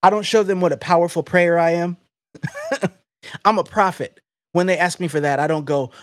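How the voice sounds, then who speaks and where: A man hosting a faith podcast, preaching in an emphatic, animated, conversational way. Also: sits high, moderate pace, pauses often, no room sound, clean studio sound. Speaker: podcast host.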